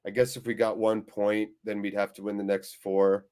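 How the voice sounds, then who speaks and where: A man's voice: on the low side, little pitch movement, normal speed, darkish tone, clean tone. Man, live-stream host, casual chat, sweary, jokey, weary, deflated.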